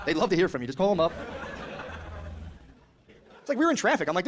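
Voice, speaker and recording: Brash, crude stand-up man, fast-talking. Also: high voice, sing-song, noisy background. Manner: brash, crude, casual, slipping into mocking voices. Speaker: stand-up comedian. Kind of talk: stand-up comedy set.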